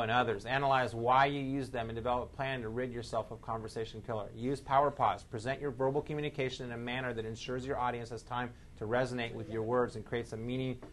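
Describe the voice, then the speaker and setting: A man leading a live sales training seminar, energetic, quizzing the audience and shifting his speed and loudness for emphasis. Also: mid-range voice, a little hiss or hum.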